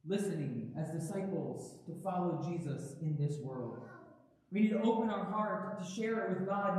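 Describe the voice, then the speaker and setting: A man's voice: high voice, mellow. A man preaching a sermon as a pastor, telling a story and often tagging his sentences with "right?". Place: church sanctuary. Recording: very echoey church hall from far off, faint noise.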